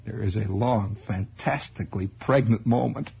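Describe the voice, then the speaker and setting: Gravelly, husky male storyteller. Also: fairly low pitch, normal speed. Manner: wry, animated, chuckling. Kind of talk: spoken storytelling monologue. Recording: dull lo-fi recording.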